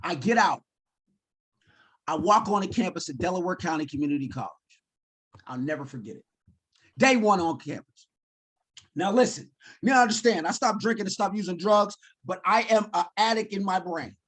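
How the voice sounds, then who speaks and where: A man's voice: sits high, normal speed, pauses often. A man in his forties, telling his life story in a keynote talk and acting out his own lines. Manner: animated storyteller, acts out his own quotes. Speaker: keynote speaker.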